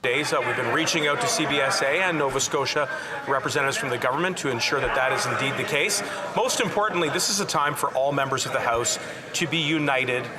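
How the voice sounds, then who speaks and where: A man's voice: mid-range voice, fast, over a noisy crowd. A man answering as a government minister in a formal, assured manner. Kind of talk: parliamentary answer.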